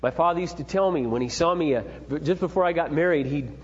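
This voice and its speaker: A man's voice: fairly high pitch, quick pace, slightly rough, long reverb tail, dull audio. Earnest, emphatic middle-aged male speaker. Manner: earnest, emphatic, building to forceful points. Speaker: parenting speaker. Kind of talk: preachy storytelling talk.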